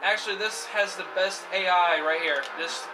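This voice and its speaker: A young man giving casual, excitable let's-play commentary while racing, swearing freely and cheering the cars on. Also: high-pitched, moderate pace, background noise. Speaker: gameplay commentator. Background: game music and car engine sounds.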